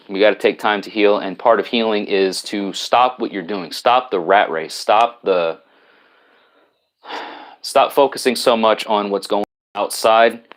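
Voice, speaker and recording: A man with a New York accent hosting a live stream, chatting casually and answering viewer comments, rambling with many restarts. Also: fairly low pitch. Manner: rambling, frequent restarts and repeated words.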